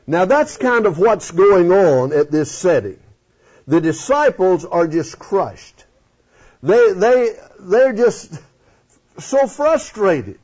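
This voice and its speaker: A man preaching a folksy, animated sermon in church, questioning his congregation. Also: sits high, slightly rough. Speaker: pastor. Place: church sanctuary. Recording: dull lo-fi sound.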